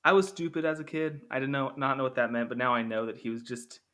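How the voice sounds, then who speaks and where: Bright-voiced young man rambling casually. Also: medium pitch, steady tone, fast. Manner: rambling, self-correcting, jokey asides. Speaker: film reviewer. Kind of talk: casual spoken commentary.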